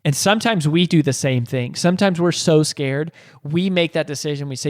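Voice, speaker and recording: A podcast host earnestly tells a motivational story, restarting often and posing rhetorical questions. His fairly high, darkish voice runs a little fast, and the studio recording is clean and dry.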